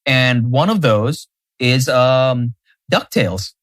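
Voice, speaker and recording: A man co-hosting a podcast, chatting casually in an animated way, full of fillers and restarts. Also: medium pitch, takes it slowly, no room sound. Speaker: podcast co-host. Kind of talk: casual chat.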